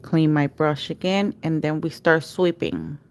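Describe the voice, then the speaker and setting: A woman's voice: sits low, expressive, a little slow, vocal fry, darkish tone. A woman teaching a live nail art class, giving patient step-by-step instructions and chanting repeated cue words as she works. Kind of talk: livestream tutorial.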